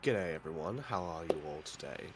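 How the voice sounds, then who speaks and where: A man's voice: low voice, animated, normal speed, heavy background noise. A man introducing himself as a player, showy and boastful.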